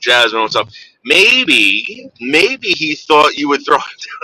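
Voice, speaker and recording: A man's voice: on the high side, sing-song, unhurried, bright, forceful tone, breathy edge, no echo, low-quality recording. A man hosting a casual livestream, chatting with his viewers and teasing them in a rambling way. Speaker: livestream host.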